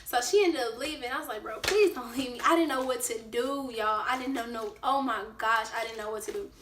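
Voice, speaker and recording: A woman vlogger telling a casual storytime, lively and acting out what people said. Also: a little high, a little fast, distant mic, slight background noise. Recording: roomy echo, away from the mic.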